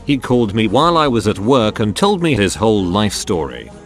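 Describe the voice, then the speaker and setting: Lively low-voiced man reading forum stories. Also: fairly quick, soft background music. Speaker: narrator reading forum posts. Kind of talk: scripted narration.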